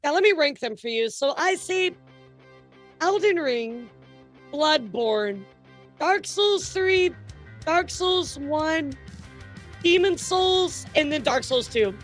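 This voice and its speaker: High, giggly woman streamer. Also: takes it slowly, long pauses, faint music behind. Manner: giggly, animated, swears casually. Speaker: VTuber news streamer. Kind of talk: casual live-stream chat.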